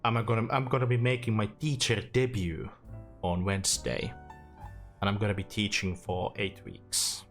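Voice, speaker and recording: A man's voice: fairly low pitch, fairly even intonation, normal speed, fairly bright tone, faint music behind. A young man with a Finnish accent chatting casually on a game stream, self-deprecating and talkative. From Finland. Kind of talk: casual gaming stream chat.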